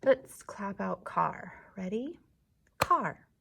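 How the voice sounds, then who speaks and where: A woman's voice: medium pitch, expressive, slow pace, gravelly, breathy edge. A woman teacher leading a lesson for young children, patiently clapping out the syllables of words.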